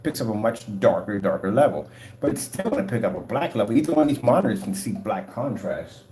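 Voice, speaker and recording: A man with a lowish, slightly mellow voice talks briskly with lively intonation while casually demonstrating his projector screen paint at home. He pitches it in an emphatic, rambling sales style, standing in a room with a projector and gray wall, and the sound echoes roomily.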